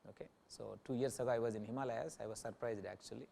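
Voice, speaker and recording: A man's voice: mid-range voice, steady tone, quick pace, creaky, mellow. A male yoga teacher giving an informal talk to a class, often checking in with listeners by asking "Okay?". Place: yoga center in New Delhi.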